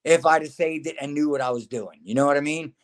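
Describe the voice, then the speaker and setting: A middle-aged former wrestler tells backstage stories in a loose, chatty way. He acts out the other people's lines and keeps calling the listener man or brother. His voice sits a little high for a man. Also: fast talker. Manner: animated storyteller acting out quotes, says man and brother a lot. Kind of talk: casual storytelling interview.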